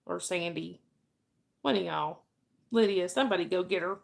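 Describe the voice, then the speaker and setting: A woman's voice: fairly low pitch, moderate pace, gravelly. A woman hosting a livestream, chatting casually with viewers and laughing often. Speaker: livestream host.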